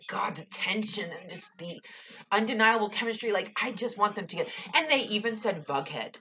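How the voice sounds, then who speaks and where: A woman's voice: fairly low pitch, lively intonation, measured pace, fairly bright tone, dull audio, slight background noise. A young woman casually reviewing a TV episode, gushing and ranting with lots of "like" and swearing.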